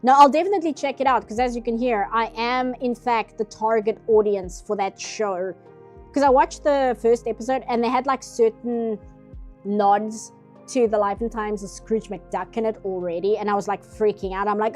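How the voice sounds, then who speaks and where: A woman's voice: a little high, normal speed, darkish tone, faint music behind. A woman with a South African accent chatting casually and eagerly on a live art stream from her home office, often laughing. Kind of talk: casual chat while drawing.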